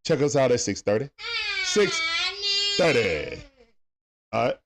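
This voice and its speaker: A man hosting a sports talk livestream, giving casual play-by-play as he watches a game, shouting at big plays and greeting viewers. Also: mid-range voice, fast, gravelly, very noisy. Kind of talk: live play-by-play watch-along commentary.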